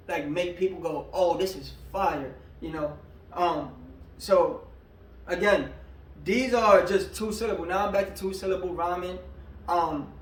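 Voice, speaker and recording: A man's voice: high-pitched, slight background noise. A male rapper casually breaking down his own lyrics in a slangy, laid-back way, full of filler words. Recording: echoey room, a bit far from the mic.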